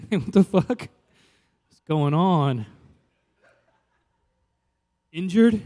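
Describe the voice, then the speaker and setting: A man's voice: fairly high pitch, expressive, extremely slow, mellow. A man doing casual, wry stand-up comedy on a handheld stage mic, firing off exasperated questions.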